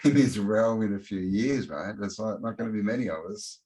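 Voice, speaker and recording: A man's voice: on the low side, brisk, dark tone. A man as a podcast guest, chatting bluntly with casual swearing and frequent laughs. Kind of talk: casual chat.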